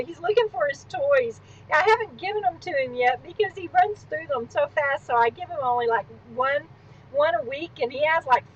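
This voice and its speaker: A woman's voice: high voice, muffled recording, slight background noise. A woman hosting a casual live stream from home, chatting in a rambling way and wandering off into asides. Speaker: livestream host. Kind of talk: casual livestream chat. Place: at home, on a swivel stool.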